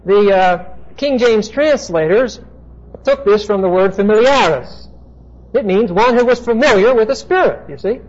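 A man teaching a Bible lecture in a classroom, explaining terms step by step and pausing often with "uh". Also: high voice, animated. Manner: explanatory, halting with frequent "uh" fillers. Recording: dull lo-fi recording.

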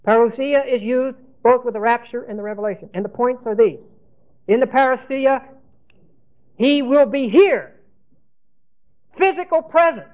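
Male Bible teacher, higher voice, repeats and spells terms, tinny old recording. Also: moderate pace. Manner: spells out Greek words letter by letter, repeats key terms. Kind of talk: Bible lesson sermon.

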